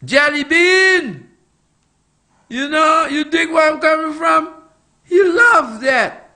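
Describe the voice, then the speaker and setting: A man's voice: very high-pitched, expressive, slow, sharp tone. A middle-aged man giving impassioned political commentary, firing off emphatic rhetorical questions and repeating his points.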